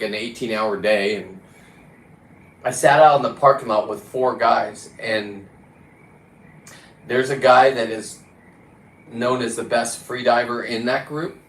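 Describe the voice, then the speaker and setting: Talking to camera about diving, this free diver and vlogger has a medium-pitched, fairly bright voice. He's casual, rambling and blunt, dropping the odd swear word, and the audio carries a roomy echo and faint background noise.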